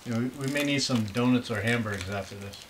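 Hosting a casual snack-tasting video, a middle-aged American father speaks fast in a mid-range voice over background noise. He rambles, teases and jokes dryly.

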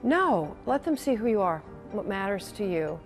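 A woman in her sixties who spent many years as a TV news anchor shares stories in a reflective, emotional interview, often repeating her phrases. Her voice sits at a medium pitch and moves at a normal speed, with faint music playing behind her. She comes across as an animated, emotional storyteller.

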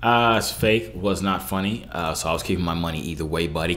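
A man's voice: low-pitched, fairly quick, hardly any pauses, a crowd in the background. Unimpressed young man reacting to clips. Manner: unimpressed, complaining, pleading with viewers. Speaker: reaction video host. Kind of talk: casual reaction commentary.

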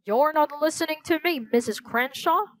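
A fussy middle-aged theater manager in a storybook reading, wailing and panicking with a high, strained voice, as a woman reader puts him on. The sound is close and dry. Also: animated, unhurried, dry recording. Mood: panicked.

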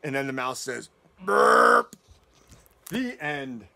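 Playful, goofy storytime man, high voice. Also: sing-song, measured pace, sharp tone. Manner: playful, goofy, jokes to kids. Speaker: children's librarian storyteller. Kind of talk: children's storytime reading.

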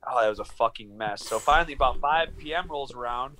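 A man in his thirties on a video call from his small studio apartment, telling a long story in an animated, profane way and acting out the dialogue. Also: mid-range voice, a little fast, slight background noise. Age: 30s. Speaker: guest, professional fighter. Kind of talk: casual storytelling interview.

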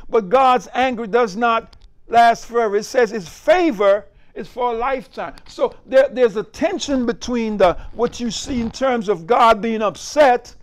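A man preaching a sermon as pastor, emphatic and repetitive, with call-outs like rhetorical asides to the congregation. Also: very high-pitched.

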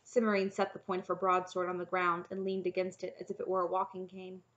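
A woman narrating a children's fantasy novel in an even, clear reading voice. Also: fairly low pitch, brisk, few pauses, dull audio. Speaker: audiobook narrator. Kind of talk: storybook narration.

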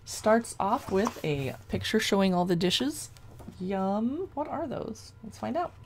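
A woman casually flipping through a cookbook, chatty and gushing as she reads dish names aloud, with a gravelly edge to her voice. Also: mid-range voice, expressive, slow, a little hiss or hum. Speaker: cookbook reviewer.

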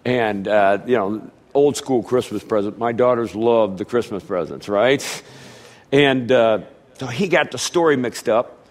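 During his sermon, a middle-aged pastor recounts a family story storyteller-style, bringing his relatives to life with animated impressions. His voice is mid-range and his pace measured.

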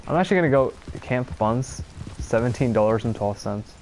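Gravelly, exasperated young man gaming. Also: medium pitch, animated, fairly quick, darkish tone, slight background noise. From Pennsylvania. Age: young adult. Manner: exasperated, profane, rambling. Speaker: streamer. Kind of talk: casual gameplay commentary.

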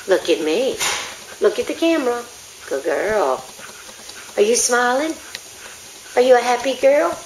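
A woman talks slowly to her dog in a lilting, high voice that swoops up and down as she coaxes and praises it. The sound carries a roomy echo from the house around her, with a faint hiss underneath. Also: big pitch swings, a little mellow. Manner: sing-song, coaxing, praising. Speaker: dog owner filming her pet. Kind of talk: coaxing baby talk to a dog. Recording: echoey room.

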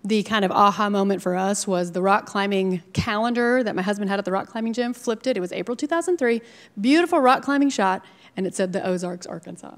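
A woman in her forties from Minnesota, a TV news anchor telling her personal story to a live audience, lively with asides. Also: medium pitch, a little fast. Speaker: TV news anchor speaking at a startup event. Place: event venue. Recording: live talk with long hall reverb.

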